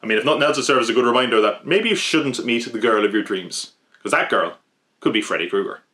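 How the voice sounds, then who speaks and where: A man's voice: mid-range voice, fast talker, pushed and bright. A man hosting a podcast countdown of horror-film kills, with wry, jokey asides to the listener. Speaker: podcast host. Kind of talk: scripted countdown commentary.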